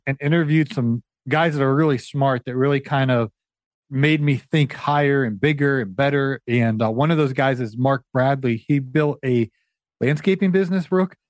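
A man guesting on a podcast, telling stories in an excitable, stammering way during casual chat. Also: mid-range voice, dry recording, studio quality. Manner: excitable storyteller, stammering restarts.

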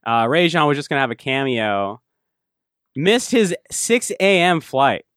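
A man's voice: a little high, big pitch swings, a little slow, a bit bright, no room sound, clean studio sound. A man co-hosting a casual podcast chat, rambling with lots of fillers and restarts and laughing often as he talks. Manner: laughs often while talking. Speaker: podcast co-host.

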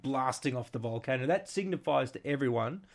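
A man co-hosts a comedy podcast and rambles through mock-serious explanations. His pitch sits in the middle. He pads his riffs with fillers and restarts. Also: lively intonation, fairly quick, vocal fry. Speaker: podcast co-host. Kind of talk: casual comedic banter.

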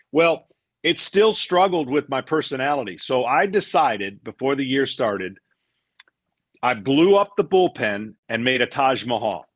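A man in his fifties, a guest on an interview podcast, telling a long story in a casual, animated way and acting out what others said. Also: medium pitch, no room sound. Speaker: interview guest, former pitcher.

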